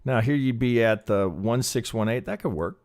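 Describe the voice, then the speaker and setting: A man with an animated, mid-range, darkish voice gives a live chart analysis lesson as a trading educator, speaking at a normal speed. He rambles and curses, thinking aloud with plenty of restarts. The sound is clean and studio-quality with no room echo.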